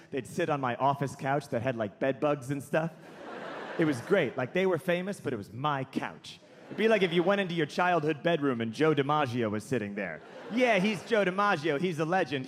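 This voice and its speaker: A man in his thirties doing a stand-up comedy set, telling stories with excitable asides. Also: fairly high pitch, long reverb tail. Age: 30s. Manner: animated, storytelling with excitable asides.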